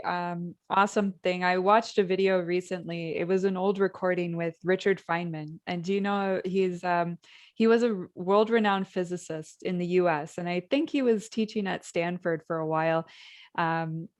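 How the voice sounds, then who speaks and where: A woman hosting an interview, eagerly explaining something in a casual, conversational way. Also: lowish voice. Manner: eager, enthusiastic explaining with fillers.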